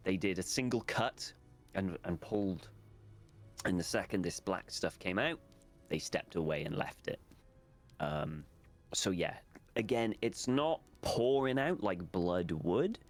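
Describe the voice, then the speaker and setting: Slow, deep-voiced game master. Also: male voice, lively intonation, soft background music. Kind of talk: narrating a tabletop horror game.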